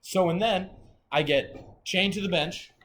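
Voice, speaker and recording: A man's voice: high-pitched, unhurried, a bit bright, a little hiss or hum. A man telling a rambling, profane story as a guest in a casual chat.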